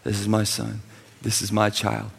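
A man speaking as a gentle, loving heavenly father in a soft, hushed, reassuring way, heard with long hall reverb. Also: lowish voice, monotone, normal speed, creaky, slightly rough, exaggerated voice. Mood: tender.

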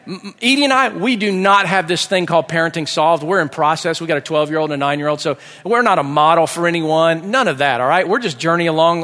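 Animated pastor in a reverberant hall. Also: male voice, high-pitched. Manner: animated, acts out his kids' voices. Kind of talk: sermon with storytelling.

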